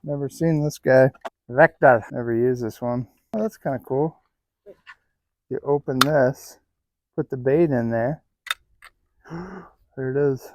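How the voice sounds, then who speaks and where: A man casually demonstrating gear in a barn for a vlog, playful and quick to chuckle, sometimes squeaking like a rat. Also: dry recording. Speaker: YouTuber testing rat traps. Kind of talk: casual hands-on demo vlog.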